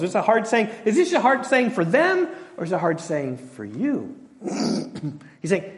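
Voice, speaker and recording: A middle-aged male pastor preaching an expository sermon in a relaxed, conversational way, with self-deprecating asides and acted-out quotes. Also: high-pitched, moderate pace. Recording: long hall reverb.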